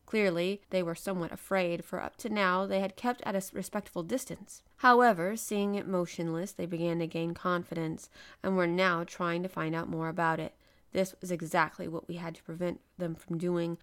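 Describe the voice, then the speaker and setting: A woman reading a novel aloud as an audiobook narrator, with a measured, expressive delivery that slows for emphasis. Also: on the low side.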